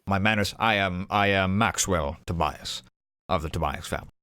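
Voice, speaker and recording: A man voicing an older male dwarf noble who speaks in a genteel, formal, warmly polite way. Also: deep voice, moderate pace, smooth, no echo, studio quality. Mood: courteous.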